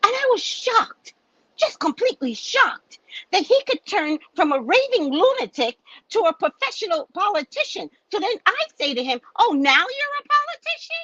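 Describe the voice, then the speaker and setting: A woman's voice: very high-pitched, sing-song, normal speed, fairly bright tone, dry recording. A woman host and psychic reader telling a story in a casual, indignant, profane rant. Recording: dull lo-fi dry sound.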